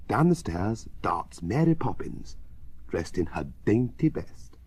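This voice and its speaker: A man reading a children's story aloud in a very expressive, sing-song way. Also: on the low side, takes it slowly, slightly rough, dry recording. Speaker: reader.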